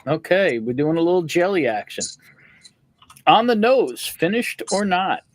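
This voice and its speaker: A man's voice: high voice, big pitch swings, a little slow. A man hosting a casual livestream chat in a playful, joking way, greeting viewers between questions. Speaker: host.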